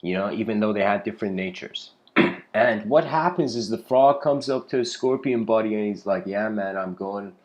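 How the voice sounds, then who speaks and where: A man giving a casual lecture in a rambling, relaxed way, often laughing and saying "you know". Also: on the low side, moderate pace.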